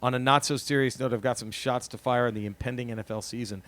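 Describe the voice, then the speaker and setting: A man's voice: medium pitch, steady tone, fast talker, a bit bright. Laid-back man reading listener mail. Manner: loose and swearing, with frequent ums. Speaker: podcast co-host. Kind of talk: casual podcast chat, reading listener messages.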